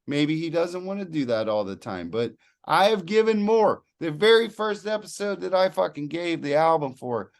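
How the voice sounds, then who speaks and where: A man's voice: on the high side, sing-song, normal speed, hardly any pauses. A man co-hosting a rock podcast in casual chat, blunt and swearing freely, joking with his co-host. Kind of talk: casual chat about music.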